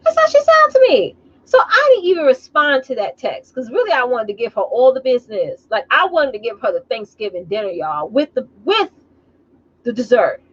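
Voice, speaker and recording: A woman business coach talking casually on a live stream, telling animated stories and calling her viewers y'all. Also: fairly high pitch, moderate pace, slightly rough, highs cut off.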